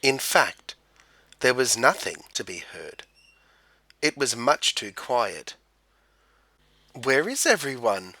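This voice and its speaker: A man reading a children's picture book aloud in an expressive storytelling manner. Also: mid-range voice, slow pace, long pauses, husky, no echo. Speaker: storybook reader.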